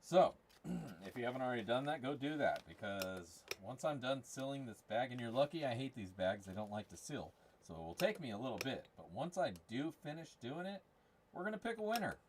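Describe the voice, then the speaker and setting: A man's voice: mid-range voice, very animated, brisk, slight background noise. A man hosting a gold prospecting giveaway stream, chatting casually with crude, rambling jokes. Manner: crude, rambling, jokey banter. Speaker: channel host running a giveaway. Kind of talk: casual livestream chat.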